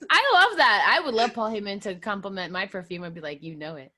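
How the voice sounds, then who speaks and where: A woman co-hosting a casual podcast, blunt and quick to laugh. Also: mid-range voice, very animated, bright, forceful tone. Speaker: podcast co-host. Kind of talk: casual chat.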